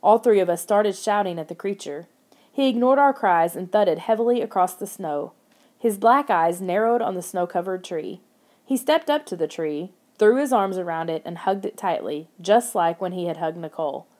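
A woman narrating a children's horror audiobook in the first person, steady and expressive. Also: on the low side, moderate pace.

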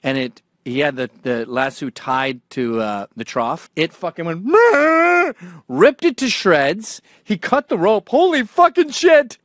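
A man in his forties hosting a show, telling profane comedic stories and jumping between low mumbling asides and sudden loud outbursts. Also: no echo, studio quality. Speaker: show host.

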